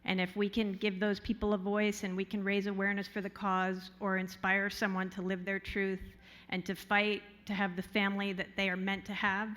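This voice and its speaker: A woman giving a sincere award acceptance speech at a podium microphone in a large hotel ballroom, earnest and measured, with dry, understated humor. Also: mid-range voice, monotone, fairly bright tone.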